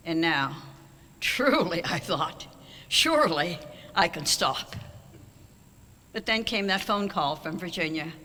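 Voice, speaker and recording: Speaking into a podium mic in a big auditorium, an older honoree delivers a banquet speech full of wry anecdotes. The medium-pitched voice sounds pushed and bright, carried by a long hall reverb.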